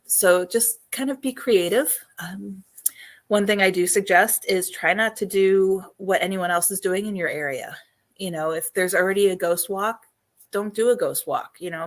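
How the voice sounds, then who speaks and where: A woman hosting a casual live stream and answering viewers' questions. Her voice is hoarse and she is losing it, and she talks chattily with many ums and frequent throat-clearing. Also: on the low side, a bit bright. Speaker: host.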